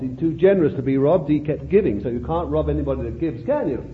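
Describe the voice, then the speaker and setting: A man's voice: mid-range voice, moderate pace. A man preaching a sermon with fervent, rhetorical exclamations. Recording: tinny phone-like old tape recording.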